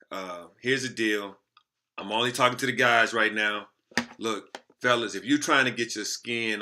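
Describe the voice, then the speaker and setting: A man telling a story to the camera in casual, slangy talk, lively and animated. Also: lowish voice, normal speed. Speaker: motivational speaker.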